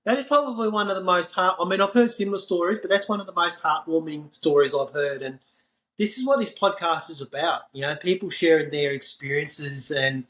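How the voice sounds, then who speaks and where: A man hosting a podcast, talking warmly and effusively and heaping praise on his guest. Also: on the high side, a little fast, low-quality recording. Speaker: podcast host. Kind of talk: podcast interview chat.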